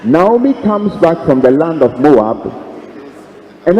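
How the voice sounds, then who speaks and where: Priest giving a retreat talk, jokey storyteller, big reverby hall. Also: male voice, on the high side, very animated, a little slow, pauses often. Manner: storytelling with humor, acting out dialogues, chuckles. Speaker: priest preaching a retreat conference. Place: seminary hall. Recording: echoey hall, dull lo-fi sound.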